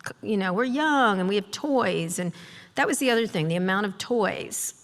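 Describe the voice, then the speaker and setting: A middle-aged woman speaks as a guest at a live stage talk, with a voice of medium pitch. She tells stories in a sardonic, profane way and keeps slipping into quick imitations of other people. Her voice carries a long reverb from a large hall. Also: lively intonation. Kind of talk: on-stage storytelling conversation. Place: live event hall with audience.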